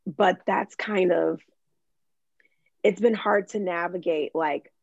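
Young woman, from Michigan, podcast guest, gravelly, chatty, lots of "like", dry lo-fi recording. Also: lowish voice, no echo. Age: young adult. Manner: chatty, full of "like", quick restarts. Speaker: guest, social media creator. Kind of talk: casual podcast chat. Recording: dry, dull lo-fi sound.

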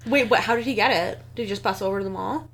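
A woman's voice: mid-range voice, fast talker, fairly bright tone, husky. A young woman co-hosting a podcast, chatting casually and reacting with eager exclamations. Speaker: podcast co-host. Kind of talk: casual chat.

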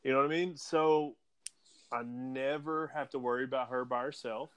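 A man's voice: medium pitch, steady tone, moderate pace, smooth. A man co-hosting a casual podcast, joking and teasing with frequent laughs. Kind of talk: casual chat.

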